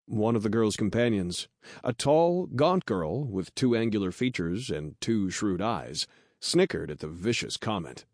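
A man narrating an audiobook in a steady, measured storytelling voice. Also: on the low side, no echo, studio quality.

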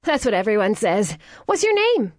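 A woman voicing a clumsy, eager young American woman who gushes breathlessly in a much higher voice. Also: huge pitch swings, normal speed, no echo, clean studio sound. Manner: breathless, gushing.

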